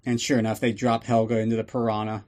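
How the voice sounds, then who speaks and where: A man's voice: lowish voice, level tone, quick pace, darkish tone. A man hosting a podcast, giving a casual, sarcastic and profane recap of a movie. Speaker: podcast host.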